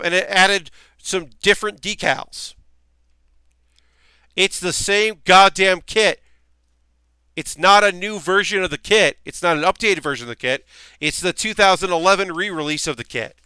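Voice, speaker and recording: A man streaming a model kit build rambles to his viewers in an irritated, chatty way, full of fillers and restarts. His voice is bright and clear, a touch high, and the close mic keeps it dry with no room sound. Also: normal speed, no room sound. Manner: ranting, annoyed, rambling with many fillers. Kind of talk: casual live-stream chat.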